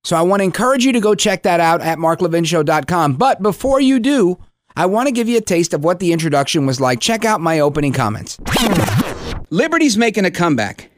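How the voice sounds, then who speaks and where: A man's voice: a little high, animated, quick pace, hardly any pauses. A man from Brooklyn hosting a radio talk show, delivering an impassioned political monologue with emphatic, rallying repetition. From Brooklyn, United States. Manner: emphatic, rallying, repeats phrases for effect.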